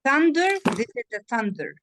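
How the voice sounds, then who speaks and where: Woman tutor, native Arabic speaker, on a video call; fairly high voice, clear, patient, drills and checks. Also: sing-song, moderate pace, a bit bright. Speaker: English tutor. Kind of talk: one-on-one online lesson.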